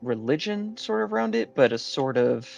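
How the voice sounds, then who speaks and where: A man with a gravelly voice at an ordinary pitch, casually recapping the last session of a tabletop game. He rambles along with many fillers and false starts. Soft music plays behind him. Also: big pitch swings, normal speed.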